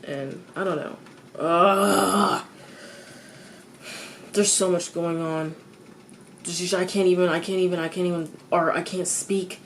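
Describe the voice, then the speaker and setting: A teenage girl talking to the camera in a confessional rant, her usual voice sitting fairly low for a woman. She stumbles over and repeats half-finished phrases, swears casually, and leaps upward in pitch when frustrated. A faint hum runs underneath. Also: fairly even intonation. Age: teens. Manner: halting, repeats herself, restarts sentences; swears freely, voice jumps high when exasperated.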